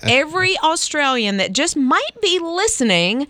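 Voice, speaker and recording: A woman's voice: sits high, very animated, unhurried, pushed and bright, no room sound. A woman co-hosting a morning radio show, playful and coaxing, laughing easily. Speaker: radio co-host.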